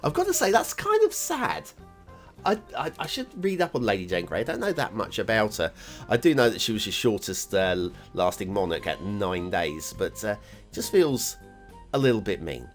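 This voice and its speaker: A man's voice: fairly low pitch, very animated, moderate pace. Chatty man rambling over faint music. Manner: chatty, rambling, chuckling asides. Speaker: host reviewing game maps. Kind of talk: casual commentary.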